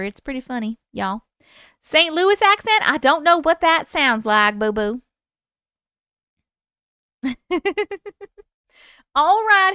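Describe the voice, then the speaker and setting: In a studio-quality recording with no room sound, a thirtysomething woman runs a livestream, bantering with her audience and reading out the stories they send. Her voice sits high and is smooth, with a sharp tone.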